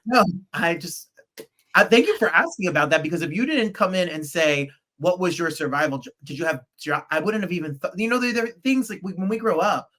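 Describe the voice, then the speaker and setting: Excitable male guest with a pitch that leaps all over, dramatic storyteller on a video call. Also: a little fast. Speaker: podcast guest. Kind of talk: animated anecdote telling.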